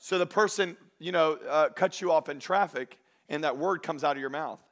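A man preaching a sermon with a high voice. He talks in an animated, joking way and acts out the voices of the people he quotes. He sounds like a pastor speaking to his congregation. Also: normal speed.

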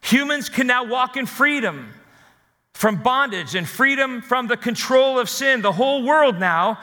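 A man preaching a sermon as pastor, rising and falling with emphasis and dramatic pauses. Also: extremely high pitch, expressive, sharp tone, long reverb tail.

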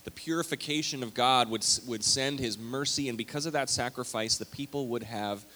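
A man's voice: mid-range voice, brisk, bright, forceful tone, slight background noise. A man preaching a conversational, story-filled sermon as pastor of a church. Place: church sanctuary. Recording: long hall reverb.

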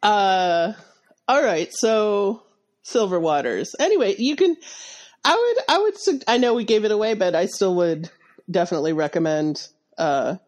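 A congested woman co-hosting a casual podcast about a short story, talking on a close boom mic with a slight lisp and many laughs. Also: lively intonation, normal speed, darkish tone. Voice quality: slight lisp, spitty sibilants. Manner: chatty, laughs often, many restarts. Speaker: podcast co-host. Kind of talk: casual book discussion.

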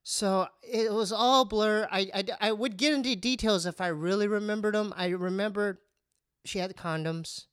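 A man's voice: high voice, moderate pace, smooth, no echo, studio quality. A man telling a comic personal story in casual chat, stammering and poking fun at himself. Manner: animated, stammering, self-mocking.

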